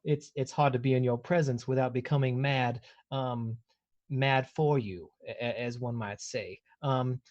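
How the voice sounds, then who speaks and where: A man playing his character in a tabletop game, speaking in a flowery, flattering, formal way with hesitations. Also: mid-range voice, measured pace, no room sound, dull audio. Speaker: player. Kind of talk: in-character role-play.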